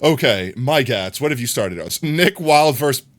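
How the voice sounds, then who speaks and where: This live streamer is animated and talks at a moderate pace, bantering playfully with his viewers. He teases them, laughs a lot, and lets out high squeals.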